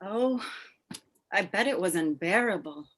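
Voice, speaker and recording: A woman playing a naive, polite amnesiac who speaks in a bright, wondering way, in a live play reading over a video call. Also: mid-range voice, lively intonation, a little slow.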